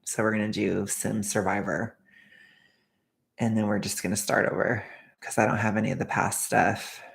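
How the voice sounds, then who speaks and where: A woman's voice: very deep voice, level tone, moderate pace, creaky. A woman streamer in casual, rambling chat who sometimes drops into an ASMR whisper.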